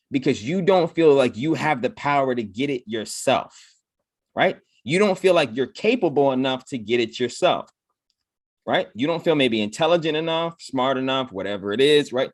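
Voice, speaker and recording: A man's voice: medium pitch, no room sound, clean studio sound. A man giving a casual motivational talk, tagging "right?" onto almost every point and acting out his own inner voice in quotes. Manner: repeats "right?" after nearly every point. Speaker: motivational speaker.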